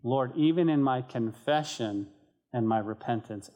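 Male pastor mid-sermon, lively, voices prayers, sometimes hushed. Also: medium pitch, normal speed. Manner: animated, acts out quoted prayers, drops to a near whisper.

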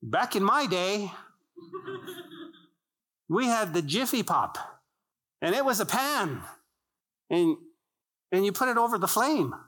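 Preaching in church, a man speaks slowly in a voice that sits high, expressive and a bit bright, pausing often. He is emphatic and repetitive, using rhetorical questions and conversational jokes aimed at the congregation.

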